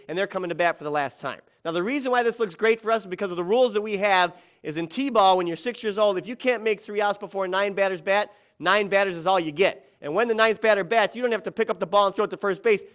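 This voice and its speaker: A middle-aged man telling a personal story about a children's ball game, dramatic and quoting others in softer or louder voices. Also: sits high, quick pace, few pauses.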